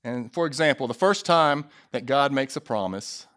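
A man preaching a sermon, stressing key phrases slowly and putting questions to the congregation, with jokey asides. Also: mid-range voice, animated, fairly bright tone. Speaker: pastor.

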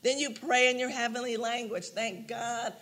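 A man's voice: very high voice, moderate pace. An older man teaching a prayer class in an informal way, telling personal stories, acting out what people said and laughing often. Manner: animated storyteller, laughs often, acts out quotes.

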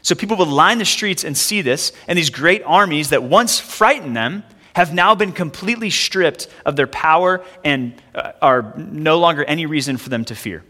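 A man in his thirties preaching a sermon as a pastor, casual and conversational, with frequent fillers and quick asides. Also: on the high side, sharp tone. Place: church sanctuary. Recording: long hall reverb.

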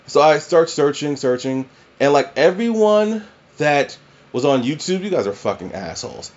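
A man's voice: fairly high pitch, big pitch swings, normal speed, darkish tone, highs cut off. A man casually reviewing a film, rambling and swearing, full of fillers and restarts. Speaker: movie reviewer.

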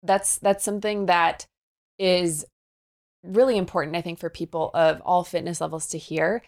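Woman, young adult, fitness trainer guest, slightly low voice, upbeat coaching manner, podcast interview. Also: steady tone, normal speed.

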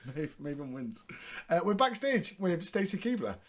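A man's voice: sits high, big pitch swings, normal speed. A man hosting a podcast, recapping in a chatty, sweary way and laughing often. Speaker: podcast host. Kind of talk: casual recap chat.

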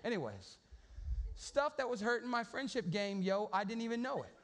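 Pastor guy preaching, pretty high voice, chatty and loose, stumbles and repeats words. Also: big pitch swings, moderate pace, a bit bright. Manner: casual storytelling, high-energy, repeats words. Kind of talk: sermon.

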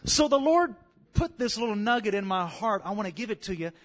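A man with a Louisiana Southern accent preaching a sermon, building his lines up to loud calls and amens. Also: high voice, fairly quick. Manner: animated, swells to loud calls of "come on" and "amen".

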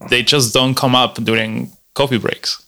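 A man's voice: medium pitch, flat delivery, measured pace, sharp tone. A man co-hosting a podcast in casual chat, thinking aloud with many restarts. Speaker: podcast co-host.

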